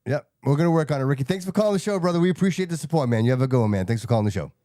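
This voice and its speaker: A man's voice: fairly high pitch, lively intonation, rapid-fire, warm tone, dry recording, clean studio sound. A male show host, laid-back and chummy, calling people man and dude.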